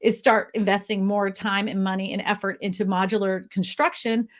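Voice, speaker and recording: A real estate agent on a video call speaks at a moderate pace in a flat, mid-range voice. During this casual panel chat, she rants passionately about housing and laughs often.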